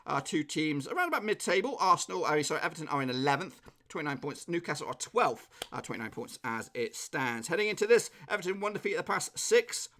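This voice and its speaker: A chatty man with an English accent hosts a live stream, rattling through viewers' score predictions. His voice sits a little high and is slightly hoarse. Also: big pitch swings, fast, a bit bright. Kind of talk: casual live-stream chat.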